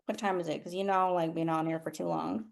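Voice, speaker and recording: A woman nurse coach with a lowish, creaky voice talks fast while hosting a casual livestream. She's frank and profane, laughs a lot, and animatedly voices other people in quotes.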